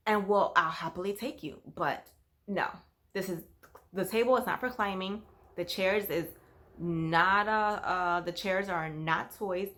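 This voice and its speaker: A woman talks straight to her viewers in a relaxed vlog, telling a story about her work as a nanny. Her voice sits at a middle pitch. She talks loosely and conversationally, with plenty of fillers. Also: unhurried. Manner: chatty, storytelling, with frequent fillers like "like" and "you know".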